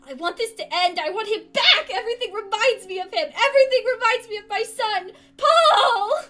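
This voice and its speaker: A woman's voice: very high voice, animated, normal speed, sharp tone, pitched above the performer's own voice, heavily acted. A woman voicing a grief-crazed middle-aged mother in a game, screaming and unhinged. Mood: anguished.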